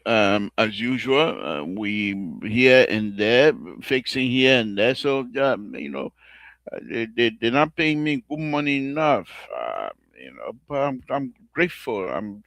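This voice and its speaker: A Liberian man hosts his own talk show in a plain, mid-pitched voice. He rambles and repeats himself, moving from prayer into heated political talk. The sound is dry and close, with no room around it. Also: a bit bright, dry recording. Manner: rambling, repeats phrases, prays aloud then rants about politics. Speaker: radio show host.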